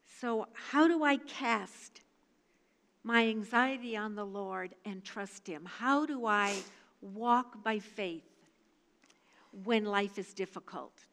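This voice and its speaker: An older woman giving a devotional talk, reading scripture and telling a personal story in an earnest, measured way. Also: mid-range voice, a bit bright. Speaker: devotional speaker. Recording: long hall reverb.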